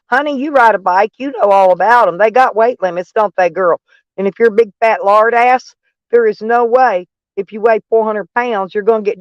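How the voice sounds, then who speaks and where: A woman's voice: on the high side, no room sound, lo-fi sound. Mocking woman streamer. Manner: mocking, sarcastic, laughing at chat trolls. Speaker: van life streamer. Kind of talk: casual live-stream chat.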